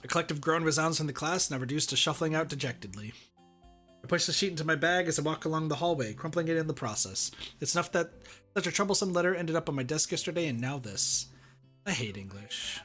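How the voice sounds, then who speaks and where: A man streaming, reading a visual novel aloud in steady first-person narration. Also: on the high side, fast talker, faint music behind.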